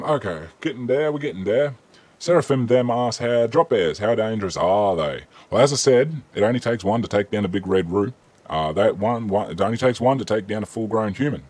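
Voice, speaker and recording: A man's voice: lowish voice, a little mellow. An Australian man hosting a casual live-stream Q&A, chatting easily and reading viewer questions aloud with frequent ums.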